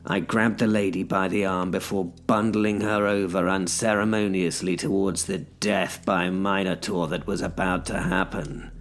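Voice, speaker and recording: Low, gravelly male storyteller. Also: level tone, normal speed, hardly any pauses, faint music behind. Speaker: narrator. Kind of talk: first-person audio story narration.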